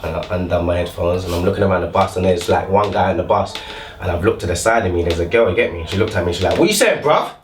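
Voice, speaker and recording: A young man telling a story casually, animated and laughing as he acts out quoted voices. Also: deep voice, fast talker, few pauses, roomy sound, recorded from a distance, slight background noise. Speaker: guest.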